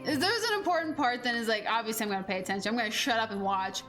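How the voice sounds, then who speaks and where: A woman in her twenties streaming a game, chatting in a rambling, animated way with lots of fillers and casual swearing. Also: a little high, racing, faint music behind. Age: 20s. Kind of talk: casual gameplay chat.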